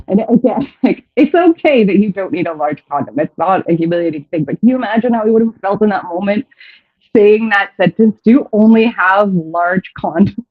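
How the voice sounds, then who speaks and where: Sex-advice host, frank storytelling, giggles through sentences, mid-range voice, slightly muffled recording. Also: medium pitch. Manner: candid and chatty, laughs often mid-sentence, frequent restarts. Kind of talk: casual storytelling chat. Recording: dull, muffled audio.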